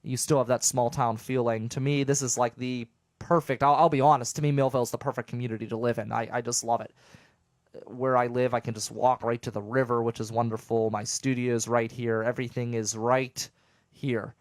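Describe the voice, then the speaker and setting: A man's voice: medium pitch, level tone, a little fast, no echo, studio quality. A young man from southwestern Pennsylvania hosting his own show, talking casually and animatedly to listeners, rambling with jokes and stammered restarts. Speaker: radio show host. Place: home studio.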